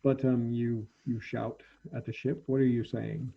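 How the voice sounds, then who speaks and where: A man narrating as the game master of a tabletop role-playing game, halting and full of ums as he describes the scene. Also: medium pitch, flat delivery, creaky, dull audio, slight background noise.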